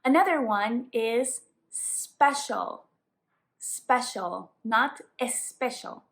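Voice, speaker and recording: A woman from Colombia with a Colombian Spanish accent, a native Spanish speaker, explaining English tips as a teacher in a clear, explanatory way. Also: a little high, lively intonation, a little slow, a bit bright. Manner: clear, explanatory, emphatic on examples. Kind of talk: tips lesson to camera.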